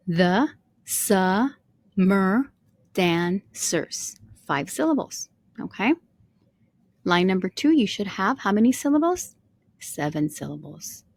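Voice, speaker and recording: A woman teacher talks students through a lesson on screen, patient and methodical. Her voice has a gravelly texture. The sound is close and dry. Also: medium pitch, darkish tone, no room sound. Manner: patient, explains step by step, asks questions to students. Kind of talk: screen-share lesson walkthrough.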